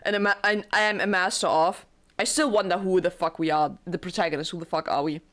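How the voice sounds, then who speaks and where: A young woman giving casual, rambling let's-play commentary, excitable and full of swearing. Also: lowish voice, fast talker. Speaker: gaming YouTuber.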